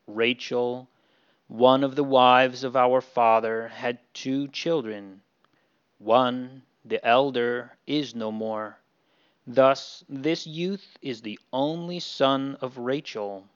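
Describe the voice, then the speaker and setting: A man's voice: medium pitch, clear, resonant tone, dull audio, lightly acted. Judah, a man voicing a humble pleading brother. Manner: soft, pleading.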